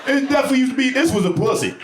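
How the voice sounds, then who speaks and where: A man doing a crude, brash stand-up set on a club stage, breaking into shouted bits. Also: very high-pitched, animated, very fast, echoey room, slight background noise. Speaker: stand-up comedian. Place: comedy club stage before a laughing audience.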